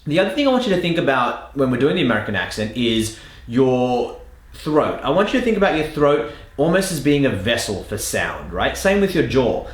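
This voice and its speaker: A man teaching an accent lesson as a coach, explaining drills with an emphatic, lively delivery. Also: mid-range voice. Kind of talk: instructional lesson. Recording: echoey room.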